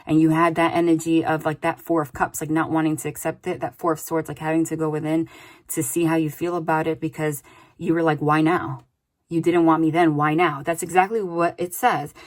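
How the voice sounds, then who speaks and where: A woman's voice: sits low, little pitch movement, fairly quick. Chatty woman doing a tarot reading. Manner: chatty, with many "like" and "okay?" tags. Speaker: tarot reader. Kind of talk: casual spoken tarot reading.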